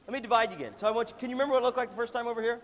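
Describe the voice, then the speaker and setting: A middle-aged man leading a workshop for students, energetic and playful, often acting out other people's voices. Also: very high-pitched, rapid-fire. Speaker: music clinician. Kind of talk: animated workshop talk to students. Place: large hall with a live audience. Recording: hall reverb from a big room.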